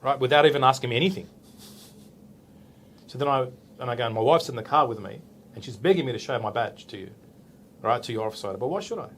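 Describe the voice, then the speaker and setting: Fast but pausing often, a medium-pitched Australian police officer in his forties tells an interviewer a story in a casual way. He animatedly acts out the dialogue and keeps asking "right?" The audio carries a slight hiss or hum.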